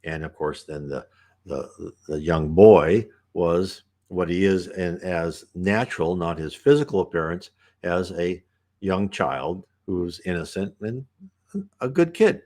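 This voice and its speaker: A man's voice: low voice, animated, takes it slowly, a little mellow. A man talking casually and at length, explaining a spiritist book in a loose, conversational way. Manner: rambling and conversational.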